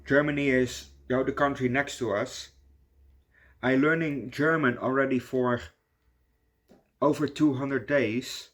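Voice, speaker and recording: A man's voice: mid-range voice, fairly even intonation, a little slow, long pauses. Dutch guy, young, rambling movie review rant, lots of yo and swearing. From Netherlands. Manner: rambling, swears a lot, says "yo" often.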